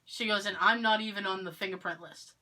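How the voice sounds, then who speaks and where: A woman's voice: medium pitch, brisk. A woman from Massachusetts, co-hosting a podcast in casual chat, telling stories and acting out what other people said. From Massachusetts, near Cape Cod. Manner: animated storyteller, acts out what others said. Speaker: podcast co-host.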